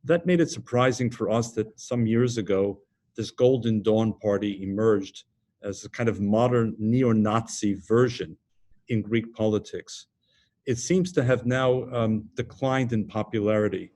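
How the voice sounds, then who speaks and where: A man's voice: on the low side, measured pace, warm tone. A man interviewing a national leader over a video call, asking long, formally phrased questions in a composed manner.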